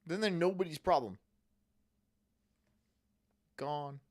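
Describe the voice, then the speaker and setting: A man's voice: on the high side, takes it slowly. A man streaming, chatting casually in profane, rambling rants. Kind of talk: casual chat.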